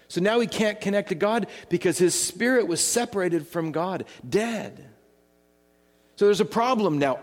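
A man's voice: a little high, a little mellow. A male pastor preaching a sermon, emphatic, with his voice swinging between rising and falling. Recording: long hall reverb.

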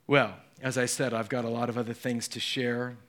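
A man's voice: mid-range voice, level tone, normal speed, fairly bright tone. A middle-aged male pastor preaching a sermon, telling the story dramatically and acting out the voices in quotes.

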